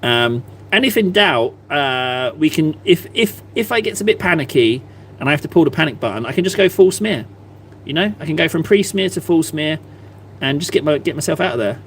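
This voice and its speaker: A man's voice: a little high, animated, fairly quick, fairly bright tone, a little hiss or hum. A man chatting casually on a live stream, self-mocking and rambling as he paints. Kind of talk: casual livestream chat while painting.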